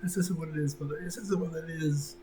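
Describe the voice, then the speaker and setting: Male GM voicing a young girl: high, desperate, pleading. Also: fairly even intonation, brisk, mellow, slight background noise, natural voice, poor audio. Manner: pleading, earnest. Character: frightened, pleading little girl.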